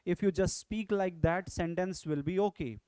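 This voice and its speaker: High-voiced Indian English grammar teacher. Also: male voice, moderate pace, warm tone, clear, resonant tone, no echo. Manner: repetitive, coaxing viewers to comment. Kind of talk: online exam-prep lecture.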